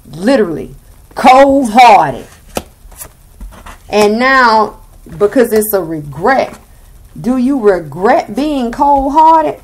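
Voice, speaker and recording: A woman's voice: fairly high pitch, very animated, slow, pauses often, a little hiss or hum. A young woman with a Southern US accent giving a blunt, sassy tarot reading and swearing freely. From Southern United States. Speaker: tarot reader.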